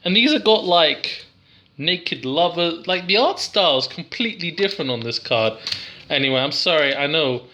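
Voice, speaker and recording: A man's voice: a little high, expressive, normal speed, pushed and bright, slight background noise. A young English man rambling through a casual, giggly, self-deprecating card review.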